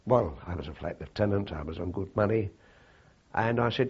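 An older man recalling his wartime service in a halting, reflective way, with frequent fillers and restarts. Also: lowish voice, a little mellow, husky, lo-fi sound. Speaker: interviewee. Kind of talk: oral history recollection.

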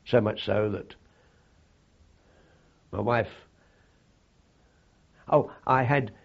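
An older man recalling his wartime service in a halting, reflective way, with frequent fillers and restarts. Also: mid-range voice, vocal fry, dull audio. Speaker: interviewee. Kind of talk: oral history recollection.

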